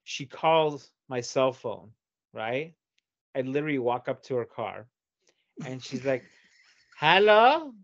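A man hosting a podcast, telling stories in a casual, profane, animated way and acting out what people said. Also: medium pitch, a little slow, pauses often, dry recording. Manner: animated, profane, acts out quotes. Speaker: podcast host. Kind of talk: casual chat, storytelling. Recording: dull lo-fi audio.

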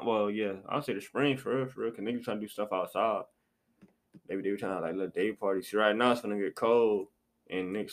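A man's voice: on the low side, a bit bright. A young man hosting a casual podcast chat, loose and slangy, repeating his phrases as he goes. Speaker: podcast host.

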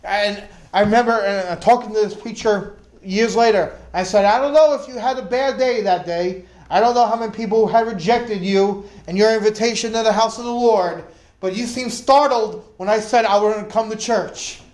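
A man preaching a sermon, telling his own story in an animated way and acting out the voices he quotes. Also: high voice, normal speed, reverberant. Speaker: preacher giving testimony. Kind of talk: sermon testimony.

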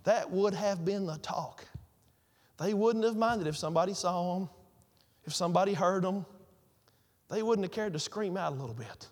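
A man with a high voice preaching a sermon as pastor. He tells everyday stories and repeats key phrases for emphasis. His voice rings with the long reverb of a large hall. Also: moderate pace, long pauses, darkish tone.

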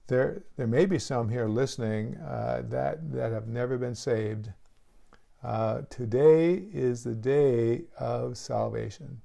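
A man's voice: mid-range voice, slow, gravelly, mellow. A man who is a pastor, preaching a sermon with an earnest, pleading call and frequent restarts.

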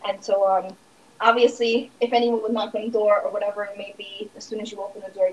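A young woman telling a scary story from her travels in a relaxed, casual way, with many fillers. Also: mid-range voice, slight background noise, poor audio. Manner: relaxed, filler-heavy narration.

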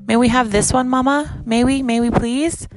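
A woman voicing an eager little girl bear cub who pleads excitedly in a storybook reading. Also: high voice, normal speed, faint music behind, pitched above the performer's own voice, lightly acted. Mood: pleading.

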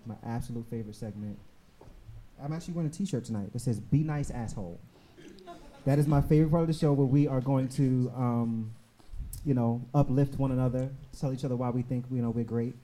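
A man hosting a live podcast show in front of an audience, chatty and quick to laugh, with plenty of fillers as he talks. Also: mid-range voice, mellow. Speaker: podcast host.

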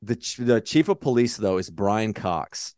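Low-voiced man rambling about movies. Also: lively intonation, measured pace, a little mellow, dry recording, clean studio sound. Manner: rambling, swears, acts out characters in quotes. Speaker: podcast co-host. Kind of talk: casual movie chat.

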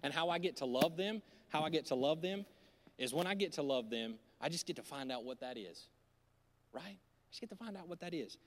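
Male pastor, high and animated, preaching on a handheld mic in a reverberant church hall. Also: brisk, background noise. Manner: animated preaching, swings from loud to hushed. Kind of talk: sermon. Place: church auditorium. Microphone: handheld microphone.

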